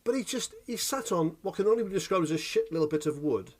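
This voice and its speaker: A man co-hosting a casual chat podcast, telling animated, sweary stories and checking in with "right?" after every point. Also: high-pitched, quick pace, noisy background. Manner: animated storytelling, sweary, keeps asking "right?". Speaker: podcast co-host.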